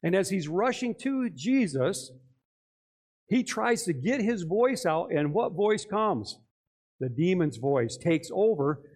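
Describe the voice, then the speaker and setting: Man, pastor, sermon, conversational, asks many questions, fairly high voice. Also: very animated, slow, darkish tone. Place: church.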